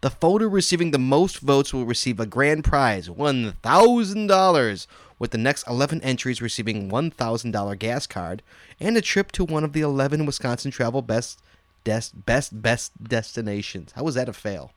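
Male radio host, animated pitch, dry studio sound, joking asides. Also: normal speed, no echo. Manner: joking, reads press release aloud with asides. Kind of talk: casual on-air banter.

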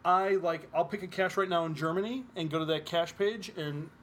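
A man's voice: high-pitched, brisk, a bit bright. A man co-hosting a casual talk podcast, rambling and often restarting his sentences as he explains his view. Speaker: podcast co-host. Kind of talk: casual chat.

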